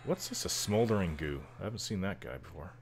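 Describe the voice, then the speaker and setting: A man's voice: deep voice, expressive, quick pace, a little hiss or hum. A man chatting casually over gameplay, rambling with lots of fillers and frequent chuckles. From Canada. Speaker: gameplay commentator. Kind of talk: casual let's-play chatter.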